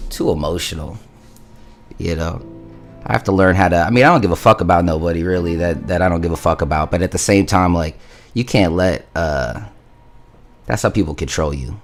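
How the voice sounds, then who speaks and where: A young man hosts a casual home livestream, speaking in a lowish voice and tossing off curses as he answers his chat. His talk is loose and meandering, full of restarts. A faint beat plays quietly in the background. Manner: loose, profane, talks to chat. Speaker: livestreaming musician. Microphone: studio mic through interface.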